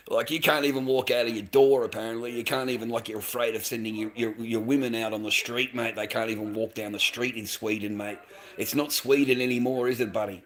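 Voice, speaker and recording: Australian man, bright-edged voice, rambling foul-mouthed streamer, drifts from mutters to loud heated outbursts. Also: fairly even intonation, fairly quick, gravelly. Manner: rambling, swears constantly, says mate after nearly every line; swings from low mumbles to loud, heated outbursts with laughs. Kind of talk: casual livestream rant.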